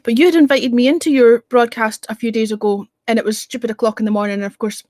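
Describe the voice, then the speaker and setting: A woman's voice: fairly high pitch, fairly even intonation, fast, a little mellow, no room sound. Scottish woman, stream host, frank chatter, dry close sound. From Scotland. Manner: chatty, frank, swears casually. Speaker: livestream host. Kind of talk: casual chat. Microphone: streaming mic, close.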